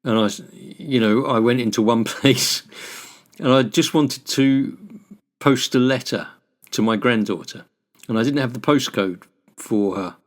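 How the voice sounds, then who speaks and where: A man's voice: medium pitch, a little slow. Chatty older British-born man telling stories. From United Kingdom. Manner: chatty anecdotal storyteller, acts out exchanges. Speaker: podcast co-host. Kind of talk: casual chat.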